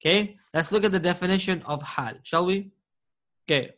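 A man's voice: sits high, normal speed, bright, forceful tone. A man teaching an Arabic grammar class live online, patient and encouraging, often chuckling.

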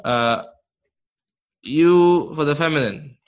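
A man teaching an interactive grammar lesson, quizzing his class and praising answers as he goes. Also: fairly high pitch. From Canada. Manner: slow, encouraging, quizzes the class with quick praise. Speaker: Arabic teacher.

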